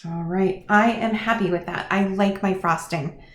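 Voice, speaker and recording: A woman teaching young children in a lively, sing-song manner, encouraging them and talking straight to them. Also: medium pitch, normal speed, echoey room. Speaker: preschool teacher. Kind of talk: children's lesson.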